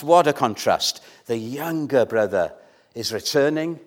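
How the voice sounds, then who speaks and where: A man preaching a sermon in a church, earnest and measured, pressing his points with questions to the congregation. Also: mid-range voice, expressive.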